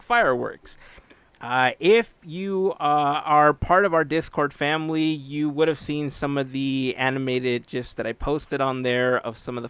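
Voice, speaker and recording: A man's voice: mid-range voice, gravelly, fairly bright tone, smooth, no room sound. A middle-aged man hosting a podcast, reading announcements and then chatting casually, telling stories in an upbeat way. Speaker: podcast host.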